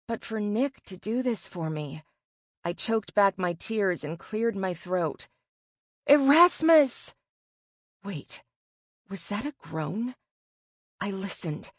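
Female audiobook narrator: measured, expressive, slow, dry close sound. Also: medium pitch, no echo. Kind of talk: first-person novel narration.

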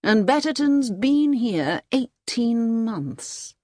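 A woman voicing an agitated male army colonel in an audiobook reading, loud and urgent. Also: medium pitch, sing-song, a little slow, no echo, clean studio sound.

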